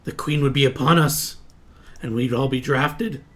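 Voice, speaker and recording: A man voicing a manic male goblin prisoner who pleads frantically in a shrill, high voice. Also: normal speed, close to an everyday voice. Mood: defiant.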